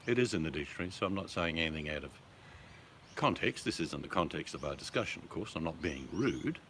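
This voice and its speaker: An Australian man with a very low voice chats casually with his viewers, relaxed and talkative, throwing in swear words without a second thought. A faint hiss of background noise sits under his voice. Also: fast.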